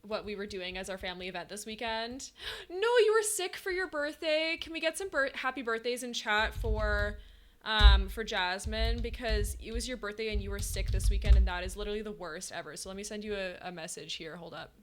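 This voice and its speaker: A woman game streamer chatting casually with her viewers, talkative and quick to laugh as she answers chat. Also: medium pitch.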